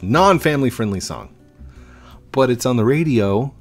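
A man's voice: on the low side, very animated, unhurried, pauses often, a little mellow, breathy edge, faint music behind. A man hosting a gaming video, rambling and joking with other players in casual commentary.

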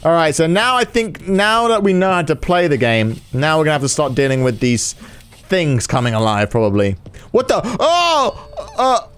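A man hosting a gaming video, giving excitable let's-play commentary, swearing and yelling in reaction. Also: fairly high pitch, moderate pace, clean tone.

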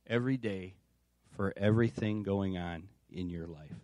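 A man's voice: sits low, moderate pace, mellow, no room sound, studio quality. A man preaching an informal sermon as a pastor, reading scripture aloud with casual asides. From United States. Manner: conversational, reads aloud with asides. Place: church.

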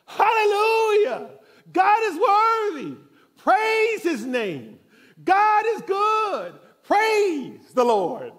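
Fervent older church lady, exuberant, shouting, voiced by a male preacher; high, slow and lively. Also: heavily acted.

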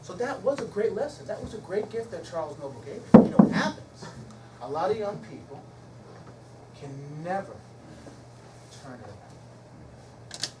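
A middle-aged man speaks as a guest in a storytelling lecture, swinging between loud excitement and quiet, hushed moments. He is picked up from a distance in a roomy, echoing hall. Clear background noise sits under his voice. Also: fairly high pitch, a little slow, long pauses. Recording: echoey hall from far off, noisy.

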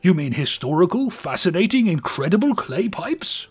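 A man's voice: sits high, big pitch swings, normal speed, breathy edge, soft background music, pitched above the performer's own voice, full character voice. A man voicing an eager male mudlark husband in a bad put-on British accent. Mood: earnest.

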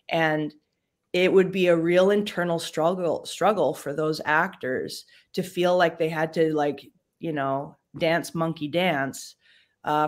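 A woman actress chatting casually as an interview guest over a livestream video call, loose and full of fillers. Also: sits low.

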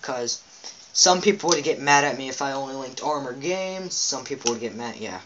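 A man's voice: mid-range voice, lively intonation, moderate pace, dull audio, noisy background. A man giving rambling, chatty commentary on his own gameplay, talking straight to his viewers from a home setup. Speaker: let's play gamer.

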